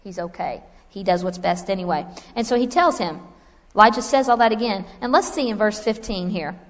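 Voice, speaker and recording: A woman teaching a Bible lesson in a lively, conversational preaching style, with asides to her listeners. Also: medium pitch, brisk, big-room sound. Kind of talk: sermon.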